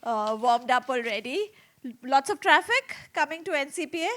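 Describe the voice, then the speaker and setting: High-voiced woman telling stories to children. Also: animated, moderate pace, fairly bright tone. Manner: chatty, asks the children many questions. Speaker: children's storyteller. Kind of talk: storytelling session for children. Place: small theater before a young audience.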